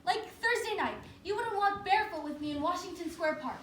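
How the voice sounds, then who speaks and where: Lady doing an emotional young wife, bright tense voice, faint hiss in an echoey room. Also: very high-pitched, lively intonation. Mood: exasperated. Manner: teasing, emotional, quick to tears. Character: impulsive young newlywed wife, free-spirited.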